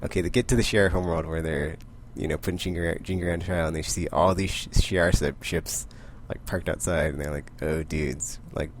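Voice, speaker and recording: A man's voice: low-pitched, steady tone, fairly quick, few pauses, a little hiss or hum. A young man casually recapping comic issues in a rambling way, full of fillers and quoted character lines. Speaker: comic book vlogger.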